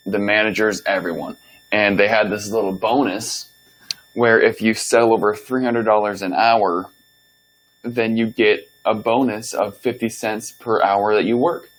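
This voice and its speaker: A young man talks straight through a story on his own podcast, loose and unscripted. His voice sits a little low, and he swears freely as he acts out the lines he once spoke. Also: steady tone, a little slow, low-quality recording. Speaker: podcast host. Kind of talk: casual storytelling monologue.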